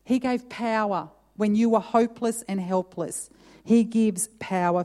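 A woman's voice: mid-range voice, steady tone, darkish tone. Woman preaching in a reverberant hall. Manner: reads scripture aloud with emphatic pauses, then talks it through. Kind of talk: sermon.

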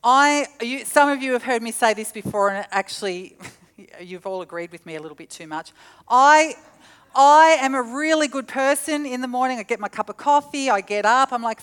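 A middle-aged woman preaching a sermon, telling stories with animated, acted-out quotes. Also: fairly high pitch, normal speed. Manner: animated storytelling, acts out quotes.

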